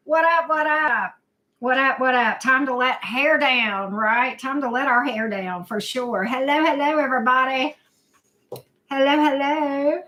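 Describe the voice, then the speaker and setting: A woman's voice: high voice, pushed and bright. A woman hosting a casual live chat, greeting viewers by name, repeating herself with many fillers. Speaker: livestream host, tarot reader.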